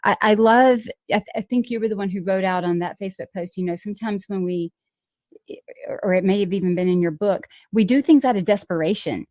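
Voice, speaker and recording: A woman's voice: mid-range voice, a little fast, darkish tone, no room sound. A woman hosting a podcast interview, talking in an earnest, emphatic, conversational way. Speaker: podcast host.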